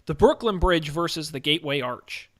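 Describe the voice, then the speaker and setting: A man's voice: a little high, moderate pace. A man hosting a casual debate podcast, playful and upbeat, moving the show along. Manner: animated, playful. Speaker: podcast host.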